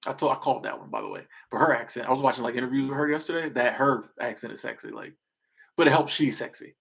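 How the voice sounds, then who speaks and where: A husky-voiced man talks loosely to his livestream viewers. He jokes, drifts off mid-thought and starts his sentences over. His pitch sits in an ordinary middle range. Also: fast talker, a bit bright. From Southern United States. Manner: joking, rambling, trails off and restarts. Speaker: streamer. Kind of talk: casual livestream chat reacting to viewer comments.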